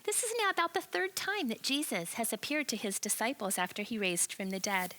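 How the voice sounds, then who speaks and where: A woman telling a Bible story to children as a church lesson, animated and expressive, asking her listeners questions. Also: on the high side, fairly quick, slight background noise. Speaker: children's ministry teacher.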